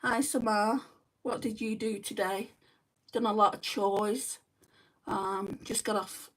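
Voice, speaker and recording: A woman's voice: mid-range voice, steady tone, takes it slowly. A young woman hosting a makeup livestream at home, chatting casually and answering viewer comments one by one. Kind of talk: casual live chat while doing makeup. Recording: voice a bit distant from the mic.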